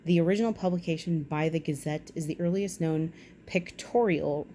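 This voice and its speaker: Low-voiced woman reading with wry asides. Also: normal speed, dark tone, slight background noise. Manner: chatty asides, wry and self-correcting. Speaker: vlog host. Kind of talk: reading aloud with casual commentary.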